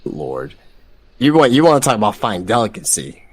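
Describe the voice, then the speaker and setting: A man's voice: medium pitch, very animated, fast talker, slightly rough, no room sound. A man guesting on a podcast, speaking hesitantly with stammering restarts. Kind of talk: casual podcast chat.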